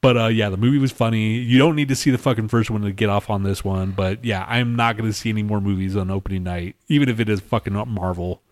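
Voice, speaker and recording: A man's voice: on the low side, fast, hardly any pauses. A man co-hosting a podcast, telling rambling, profane stories in casual chat and acting out people he mimics. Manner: profane, rambling storytelling with animated imitations. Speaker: podcast co-host.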